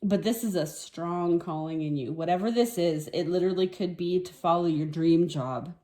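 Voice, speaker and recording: Soft, dark-toned woman reading tarot. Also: on the low side, moderate pace. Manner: soft-spoken, emotional, reflective, with sniffles and laughs. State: teary, sniffling. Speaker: tarot reader. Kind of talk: casual tarot reading to camera.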